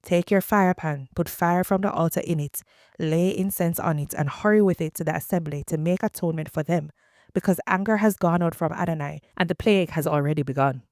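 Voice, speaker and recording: A woman reading the lines of an aging male prophet who gives his people stern, measured commands. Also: lowish voice, darkish tone, dry recording, studio quality, lightly acted. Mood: commanding.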